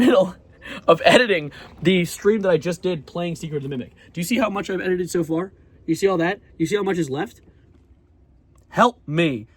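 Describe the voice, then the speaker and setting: A young man with a slightly high voice, talking quickly in a casual, rambling video diary. He swears offhandedly and jumps from thought to thought. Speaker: vlogger.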